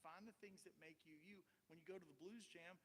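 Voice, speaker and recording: Chatty guitarist in a reverberant shop. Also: male voice, high-pitched, fairly even intonation, a little fast, a bit bright, a little hiss or hum. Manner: chatty, encouraging, full of fillers. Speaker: guitar clinician. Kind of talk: casual live clinic talk.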